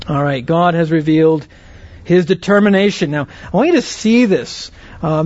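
A man with a somewhat high voice teaches a Bible lesson in an earnest, explanatory manner. He keeps checking that his listeners follow with short rhetorical questions. The recording is dry and a little dull. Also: a little mellow, dry recording.

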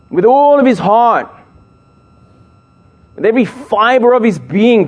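Middle-aged male youth preacher, slightly high voice, jokes and builds emphasis. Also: darkish tone, dull audio. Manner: playful, jokes with the audience, emphatic build-ups. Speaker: speaker at a youth gathering. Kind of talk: sermon to young people.

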